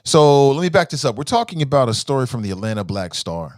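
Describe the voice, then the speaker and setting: Man, casual news commentary host, animated pitch, dry close sound. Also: fast, dry recording. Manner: chatty, talks straight to viewers with questions.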